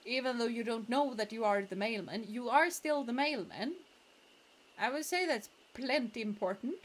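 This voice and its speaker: A woman's voice: fairly high pitch, animated, normal speed, a little hiss or hum. A woman streamer who laughs often and chats playfully while playing a game. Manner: giggly, playful, reads game dialogue aloud. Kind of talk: casual let's-play commentary.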